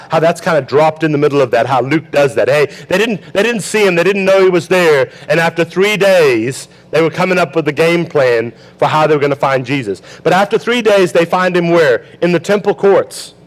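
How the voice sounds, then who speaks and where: A man's voice: on the high side, poor audio. A male pastor preaching a sermon in a conversational way, asking the congregation questions and acting out Bible quotes.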